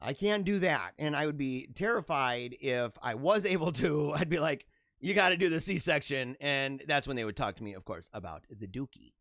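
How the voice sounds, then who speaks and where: A man's voice: mid-range voice, lively intonation, moderate pace, fairly bright tone, no room sound, studio quality. A man in his forties hosting a casual solo show, reacting to memes with jokey, chuckling asides. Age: 40s. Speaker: podcast host.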